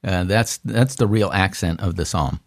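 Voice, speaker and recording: A pastor works his way through a psalm casually, with frequent restarts and fillers that build into lively quotations. He speaks at a normal speed in a deep voice.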